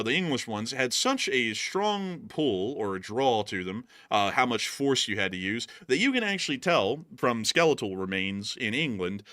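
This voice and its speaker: A man hosting a casual livestream chat, animated and quick to laugh. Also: mid-range voice, no room sound. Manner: animated, laughs loudly, drawls "y'all". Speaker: host.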